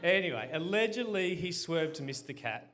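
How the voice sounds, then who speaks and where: A man's voice: fairly high pitch, expressive, moderate pace, very noisy. A man telling a rambling, sweary comic story to a live audience, saying "anyway" over and over and laughing as he goes. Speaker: guest telling a story on stage. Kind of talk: crowd-facing comic yarn.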